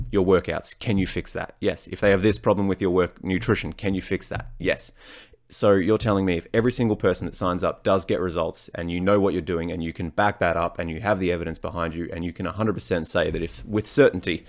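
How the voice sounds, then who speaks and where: Man, deep voice, fitness coach, solo podcast, blunt, profane, rambling. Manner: blunt and profane, frequent swearing; rambling, self-correcting, off on tangents.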